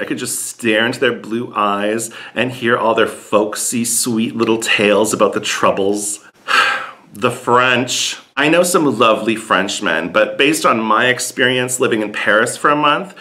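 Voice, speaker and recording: A man's voice: mid-range voice, bright, forceful tone. A man doing a sassy, campy comedic monologue with blunt punchlines.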